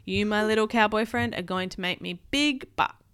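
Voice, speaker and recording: A woman's voice: medium pitch, normal speed, a bit bright, smooth, natural voice. A woman voicing a greedy man in a chicken suit who gloats and clucks. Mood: gloating. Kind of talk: storybook read-aloud.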